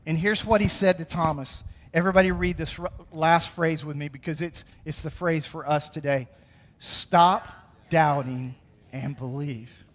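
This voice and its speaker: A pastor with a high voice preaches in a church sanctuary, speaking casually and with energy as he calls on the congregation to repeat his words. His voice rings out with a long reverb from the hall. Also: fairly quick, hardly any pauses. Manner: energetic, conversational preaching with audience call-outs. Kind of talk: sermon.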